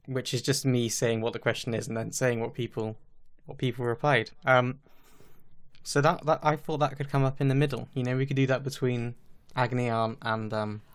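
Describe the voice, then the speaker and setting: A man's voice: medium pitch, level tone, fairly quick, smooth. A man co-hosting a podcast over a remote call, joking and swearing casually while eating. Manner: joking, swears freely, eats while talking. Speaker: podcast co-host. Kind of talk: casual chat. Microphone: own microphone, remote call.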